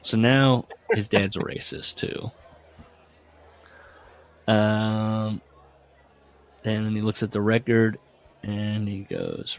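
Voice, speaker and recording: A man's voice: lowish voice, expressive, slow pace, vocal fry, pauses often. A man co-hosting a casual book discussion podcast, recounting the plot and reading character dialogue aloud with frequent fillers. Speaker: podcast co-host.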